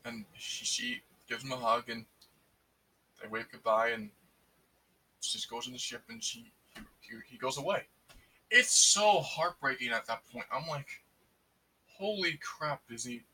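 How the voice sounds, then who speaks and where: A man excitedly recapping a movie in casual, rambling speech full of fillers and restarts. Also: mid-range voice, moderate pace, pauses often, breathy edge, distant mic, poor audio. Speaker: movie reviewer.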